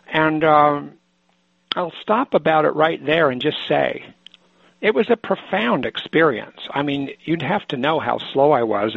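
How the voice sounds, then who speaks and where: An older man from Oregon, a psychoanalyst, telling a personal story in a halting, thoughtful way with many restarts, on a muffled lo-fi recording. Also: medium pitch, gravelly, breathy edge, no room sound. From Oregon, USA.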